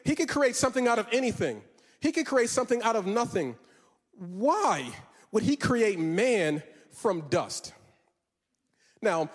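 A male pastor preaching a sermon, rising into a sing-song cadence and drawing out words. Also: sits high. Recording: long hall reverb.

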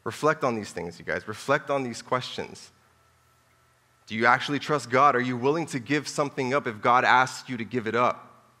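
A man preaches a sermon in a loose, chatty style, full of asides and repeated phrases. His voice is bright and forceful. It carries a long reverb from a church hall. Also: mid-range voice, moderate pace. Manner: conversational, joking asides, repeats for emphasis.

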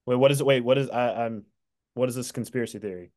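A man's voice: mid-range voice, fast, a little mellow. A young man co-hosting a sports podcast, chatty and joking. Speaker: podcast co-host. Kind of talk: casual sports chat.

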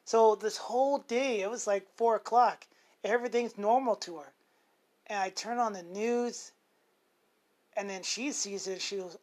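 Rambling, profane man telling a story. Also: high-pitched. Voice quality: rambling, with many self-corrections and fillers. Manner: swears freely. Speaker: show host. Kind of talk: unscripted casual monologue.

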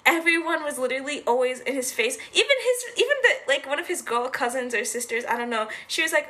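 A young woman co-hosting a podcast, telling stories in a lively, giggly way. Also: sits high, fast, few pauses. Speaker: podcast co-host. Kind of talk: casual chat.

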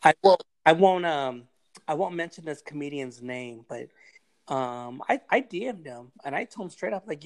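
A man's voice: fairly high pitch, lively intonation, normal speed. A man on a podcast giving a blunt, heavily profane pep talk in casual chat. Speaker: podcast guest giving advice.

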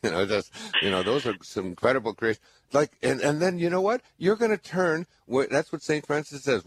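A man's voice: mid-range voice, expressive, brisk, slightly rough, dry recording. An older man hosting a radio call-in, giving spiritual advice in an earnest, rambling way, with many restarts. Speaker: radio show host.

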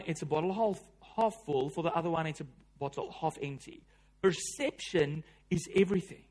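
A man preaching a sermon as pastor, emphatic and repetitive, lifting his voice for dramatic quoted cries and then dropping low. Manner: emphatic preacher, repeats key lines, rises in volume for quoted cries.

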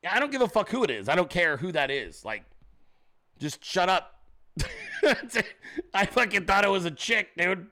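A man's voice: high voice, sing-song, normal speed, pauses often, pushed and bright. A man hosting a livestream, ranting profanely and combatively at commenters in his chat. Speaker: show host.

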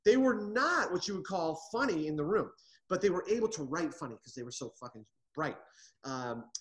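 A middle-aged man from the United States, a comedy writer and interview guest, who tells stories in an animated way with frequent restarts. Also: on the high side. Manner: animated storyteller, restarts often. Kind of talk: casual interview.

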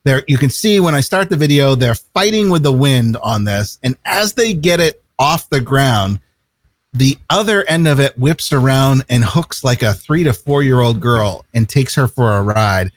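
A man's voice: medium pitch, animated, normal speed, no room sound. A man co-hosting a casual chat show, talking in an easygoing, rambling way and laughing often. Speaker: co-host.

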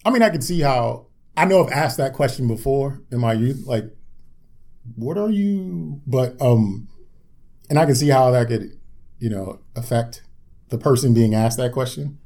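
A man co-hosting a casual podcast, asking questions and thinking them through out loud, with some casual swearing. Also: mid-range voice, normal speed. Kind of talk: casual chat.

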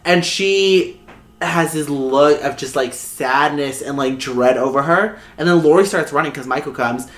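A woman with a low voice co-hosting a podcast, chatting casually and retelling scenes with dramatic flair. Her voice rings in a roomy, echoey space, and she breaks into big laughs. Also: measured pace. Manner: animated, dramatic storytelling with loud laughs. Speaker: podcast co-host. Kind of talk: casual chat.

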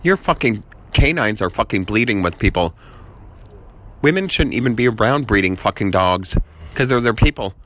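A man's voice: animated, normal speed. Man ranting with curses. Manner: angry, swearing constantly, jumping between ideas; voice repeatedly jumps higher and louder mid-rant. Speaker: voice message sender. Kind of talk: profane rambling rant.

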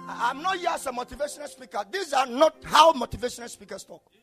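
A male preacher delivering an impassioned sermon, swinging between shouted declarations and low murmurs. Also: expressive, fast talker, faint music behind.

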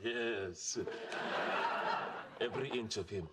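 A man's voice: on the low side, takes it slowly, very noisy. An actor playing a sly, teasing male waiter in a sitcom. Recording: TV audio with studio laughter.

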